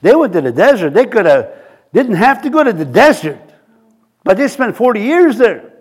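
A man preaching a sermon, halting and repeating words, acting out quotes from scripture characters. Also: high-pitched.

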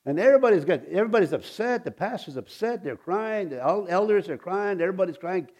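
A man, a pastor, telling a personal testimony in a rambling, halting way, with many restarts and chuckles. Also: sits high, animated, darkish tone. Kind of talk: testimony storytelling.

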